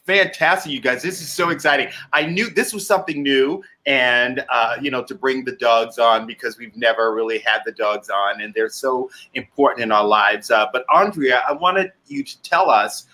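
A man's voice: medium pitch, normal speed, few pauses, bright, forceful tone. A man hosting a casual online chat show, talking with enthusiasm and reading out viewer comments. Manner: chatty and enthusiastic, reads viewer comments aloud. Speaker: host.

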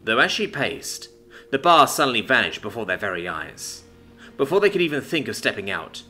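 Lively-voiced male story narrator. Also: mid-range voice, normal speed, faint music behind. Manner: expressive dramatic reading. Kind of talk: scripted narration.

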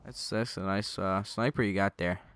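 A man's voice: deep voice, fairly even intonation, normal speed, fairly bright tone, dry recording. A young man giving loose, joking commentary over his own gameplay, swearing and talking to the enemies on screen through a gaming headset. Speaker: gaming channel host.

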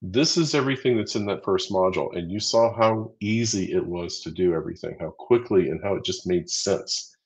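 A man's voice: deep voice, brisk, low-quality recording. A man co-hosting a live training stream, chatty and upbeat as he counts down quiz votes and walks through answers. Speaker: livestream co-host running a quiz. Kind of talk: casual livestream teaching.

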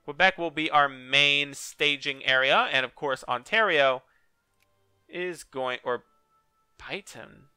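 Young male let's-player, slightly high, smooth voice, sarcastic game commentary. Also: slow pace, no echo, faint music behind. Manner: joking, sarcastic, excitable exclamations. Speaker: let's play gamer. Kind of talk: casual gameplay commentary.

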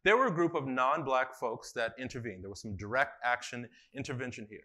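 A man runs a live workshop in a conference room, his voice bright and forward. He talks in a loose, conversational way, full of fillers, and keeps throwing questions out to the audience. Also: medium pitch, animated, a little fast. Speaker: workshop facilitator.

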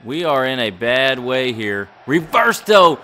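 Bright excitable man calling wrestling game. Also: medium pitch, measured pace. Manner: excitable, mock wrestling announcer. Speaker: gaming YouTuber. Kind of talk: play-by-play game commentary.

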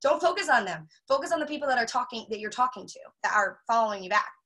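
Bright, animated woman sales trainer. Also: fairly high pitch, fast talker, low-quality recording. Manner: chatty, animated, acts out sales chats in quotes; frequent filler words. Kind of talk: casual training talk.

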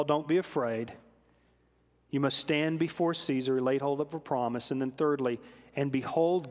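A man preaching a sermon, telling stories with animated swings between loud emphasis and soft, solemn lows. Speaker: pastor. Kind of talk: sermon storytelling. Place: church sanctuary. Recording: long hall reverb in a church.

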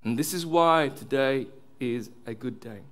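A male pastor delivering a sermon, earnest, dropping low and soft on key words. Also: measured pace.

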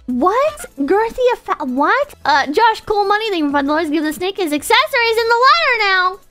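A woman live-streaming and chatting casually with her viewers, excitable and profane, swinging between loud outbursts and deflated mutters. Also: extremely high pitch, normal speed, faint music behind.

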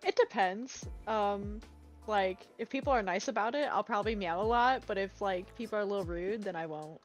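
A woman's voice: mid-range voice, moderate pace, faint music behind. Easygoing woman gamer on voice chat. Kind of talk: casual voice chat while gaming.

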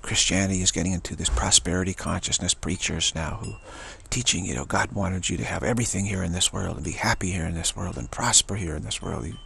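A man's voice: deep voice, fast, few pauses, sharp tone, slight background noise. A man giving an emphatic spiritual talk, often repeating and restarting words. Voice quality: gravelly and husky. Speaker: spiritual teacher.

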